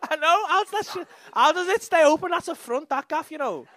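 A man's voice: extremely high pitch, lively intonation, brisk, bright, forceful tone. A young man with a Liverpool accent doing brash, sweary crowd work as a stand-up comedian on a club stage. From England.

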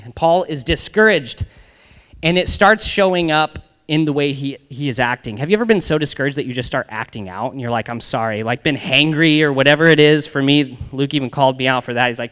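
A man's voice: fairly high pitch, fairly quick, a bit bright, smooth. A young man giving a youth group sermon as youth pastor, talking casually with slangy asides. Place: church hall. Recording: long reverb of a church hall.

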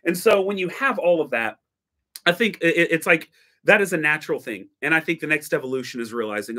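A man's voice: fairly high pitch, lively intonation, brisk, pushed and bright. A man hosting a late-night livestream about coffee, talking in a rambling, restless way with many self-corrections and joking asides. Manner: jokey, breaks into mock dialogue. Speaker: coffee educator hosting a stream.

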